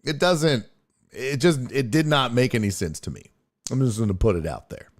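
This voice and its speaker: A man hosting a casual sports live stream, talking in an animated, incredulous way and swearing freely. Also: mid-range voice, moderate pace. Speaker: sports show host and streamer.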